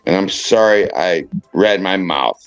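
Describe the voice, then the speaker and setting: A tipsy, tearful man pleading and apologizing in a halting, repetitive way on a livestream. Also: deep voice, clean tone, dry recording, highs cut off, soft background music. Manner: halting, repeats himself, pleading. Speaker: livestream panel guest.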